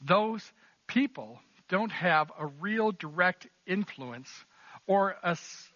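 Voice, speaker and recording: A man's voice: high-pitched, sharp tone, no echo, dull audio. A man preaching a sermon in an earnest, emphatic way, repeating key phrases. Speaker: pastor.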